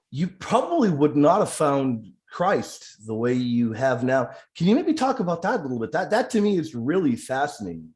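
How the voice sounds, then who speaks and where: A man's voice: medium pitch, a little mellow. A man hosting a casual live interview, effusive and heavy with praise for his guest. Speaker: interview host.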